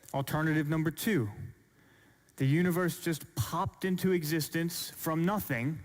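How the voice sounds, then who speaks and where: A man giving an earnest, measured apologetics talk to an audience, asking rhetorical questions, recorded in a large church hall. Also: fairly high pitch. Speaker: speaker. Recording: long hall reverb.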